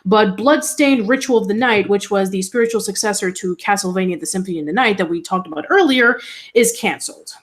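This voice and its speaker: A woman's voice: medium pitch, brisk. A woman co-hosting a casual online show, reading news items in a chatty, hesitant way with many fillers. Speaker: co-host. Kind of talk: casual podcast chat.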